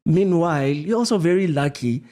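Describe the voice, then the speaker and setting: A man co-hosting a podcast, speaking in a fairly high voice. He is earnest and chatty, and he tends to run on in long, winding stretches. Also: expressive, normal speed, mellow. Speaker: podcast co-host. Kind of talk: casual chat.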